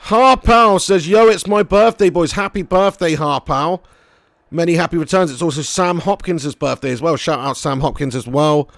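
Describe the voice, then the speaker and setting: A man commentating his football game live and reading out chat messages, excitable and swearing. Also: a little high, moderate pace, vocal fry, dry recording. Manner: excitable, swears, cheeky banter. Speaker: gaming streamer.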